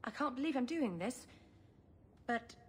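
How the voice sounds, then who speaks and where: An actress playing an earnest elven mage in a video game, hesitantly asking for help. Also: female voice, fairly high pitch, animated, unhurried, a little hiss or hum.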